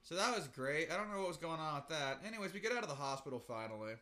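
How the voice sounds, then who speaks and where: Animated storytelling man, bright voice. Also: a little high, very fast. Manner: animated storytelling, swearing, mocking quotes. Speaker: podcast co-host. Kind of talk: casual podcast chat.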